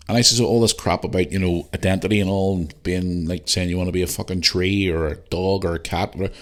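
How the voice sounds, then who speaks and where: A man's voice: low-pitched, quick pace, creaky. A middle-aged man hosting a podcast, ranting bluntly and heatedly with lots of swearing. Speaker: podcast host. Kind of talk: casual ranting monologue.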